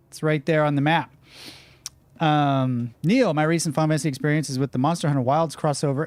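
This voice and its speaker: A man's voice: a little high, darkish tone. A man hosting a live gameplay stream, giving casual, wry commentary and chatting with viewers. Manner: casual, wry, chatty, reacts and answers chat. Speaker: streamer host.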